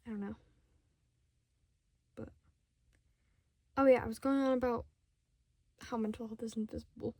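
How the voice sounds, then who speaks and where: A fifteen-year-old girl ranting casually to camera at home, rambling and sidetracked, talking fast in bursts and often dropping to a whisper. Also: sits high, slightly rough, no echo. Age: 15, teenager. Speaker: vlogger. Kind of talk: casual unscripted rant to camera.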